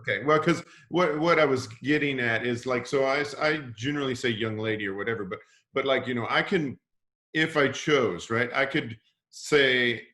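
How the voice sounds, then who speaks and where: A man's voice: medium pitch, moderate pace, sharp tone. A man hosting a team call, rambling casually with many restarts and "you know". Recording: echoey room sound.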